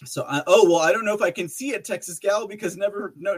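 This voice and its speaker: A man's voice: sits high, quick pace, hardly any pauses, husky. A man hosting a live podcast stream, chatting loosely with viewers, reading their messages aloud, with lots of fillers and restarts. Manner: rambling with many fillers and restarts, laughs often, reads chat messages aloud. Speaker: livestream podcast host. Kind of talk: casual live-chat talk.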